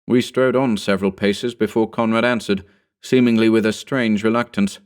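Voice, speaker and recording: Male horror narrator, low voice, slow brooding reading. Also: fairly even intonation, smooth. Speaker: audiobook narrator.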